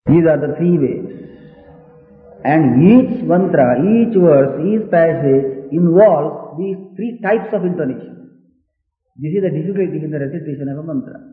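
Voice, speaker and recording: A man teaching Vedic chant intonation in a patient, deliberate manner, sometimes chanting the verses slowly himself. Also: fairly high pitch, lively intonation. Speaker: spiritual teacher. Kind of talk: lecture with chanted examples. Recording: echoey hall on a tinny, phone-like archival recording.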